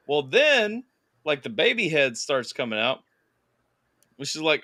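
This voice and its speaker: A man's voice: mid-range voice, expressive, normal speed, sharp tone, no echo, studio quality. A young man hosting a stream, telling a crude story in casual chat, acting out sounds and voices. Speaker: streamer host.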